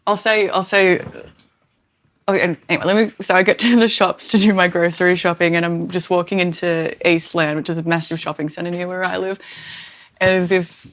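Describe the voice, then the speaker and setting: A woman's voice: lowish voice, little pitch movement, brisk, fairly bright tone. An Australian woman co-hosting a podcast in a casual chat from a home lounge room, laughing often and teasing. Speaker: podcast co-host.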